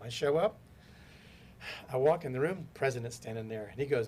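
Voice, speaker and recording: A man at an ordinary middle pitch tells workplace stories in a relaxed podcast chat. He dramatizes every exchange and slips into the voices of the people he quotes. A low rumble hums faintly behind him. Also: fast. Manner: animated storyteller acting out quoted voices. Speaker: podcast guest, business consultant. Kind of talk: casual storytelling interview.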